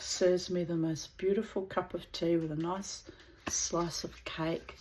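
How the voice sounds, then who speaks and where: A woman vlogger telling a personal story to camera in a blunt, profane, animated way. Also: fairly low pitch.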